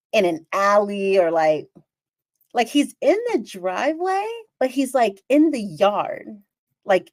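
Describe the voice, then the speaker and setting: A woman's voice: mid-range voice, no echo. A woman hosting her own podcast, telling a story in a casual, chatty way with lots of exclamations. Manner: animated, chatty, exclaims and re-enacts scenes. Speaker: podcast host.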